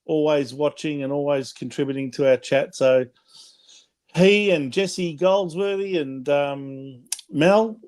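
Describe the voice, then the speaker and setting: A man's voice: fairly high pitch, slow, darkish tone. A man with an Australian accent co-hosting a casual sports fan show, chatty and jokey, patiently spelling out details for listeners. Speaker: podcast co-host. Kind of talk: casual fan chat, promos.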